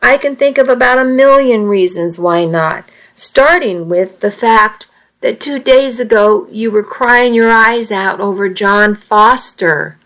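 Slow, earnest teenage boy, uneasy and reasoning aloud, read by a woman. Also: medium pitch, a bit bright, natural voice, low-quality recording. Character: earnest, worried seventeen-year-old boy. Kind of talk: audiobook dialogue reading.

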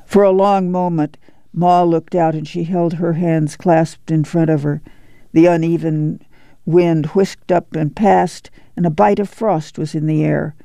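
Gravelly, dark-toned male narrator. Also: on the high side, fairly even intonation, measured pace, dry recording. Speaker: audiobook narrator. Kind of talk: scripted narration.

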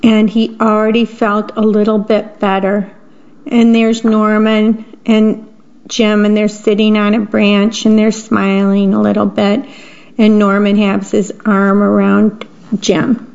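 A woman's voice: medium pitch, monotone, slow pace, creaky, darkish tone. A woman reading picture books aloud and describing the pictures between the lines. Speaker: reader. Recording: dull lo-fi recording.

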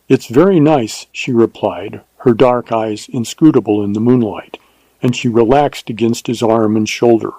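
A man reading a western novel aloud in a calm, even way. His voice is mellow and dark, and the recording is dry and close with no room sound. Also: medium pitch, slightly rough, no room sound. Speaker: audiobook narrator. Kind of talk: scripted narration.

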